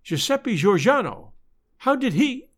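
A man reading aloud and voicing a passionate young Italian wife who speaks in exclamations and halting English, with an Italian accent. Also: extremely high pitch, sing-song, voice pushed up, heavily acted. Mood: excited.

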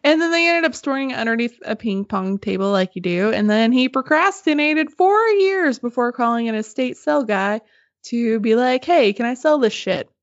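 A higher-voiced woman recounting a story in a loose, animated podcast chat, dropping casual swears along the way. The sound is dry and close with no room around it. The audio is a touch muffled. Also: normal speed, dry recording. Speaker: podcast co-host telling a story.

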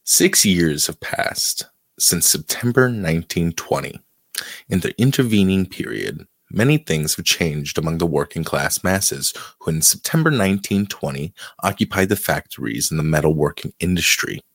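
A man's voice: low-pitched, expressive, normal speed, slightly rough, no room sound. A man co-hosting a podcast, chatting casually and reading a text aloud, sometimes stumbling over words. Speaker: podcast co-host.

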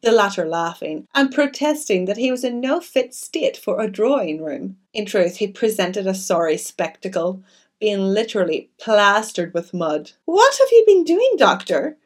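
A woman's voice: mid-range voice, normal speed. A woman reading a classic novel aloud and adding chatty asides. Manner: expressive, chatty. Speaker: audiobook narrator.

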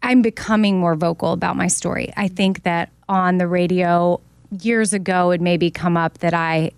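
A woman's voice: lowish voice, steady tone, normal speed, clean tone, no room sound. A woman hosting a radio show, talking candidly and personally. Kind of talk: casual chat.

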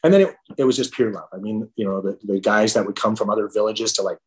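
A middle-aged man, a podcast guest, telling an emotional personal story in a halting way, full of restarts and fillers. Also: lowish voice.

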